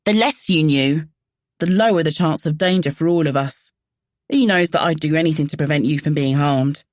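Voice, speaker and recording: A man's voice: on the high side, moderate pace, dry recording, studio quality, close to an everyday voice. A woman voicing an earnest, apologetic young man with a broad London accent. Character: earnest young male fugitive, apologetic and loyal.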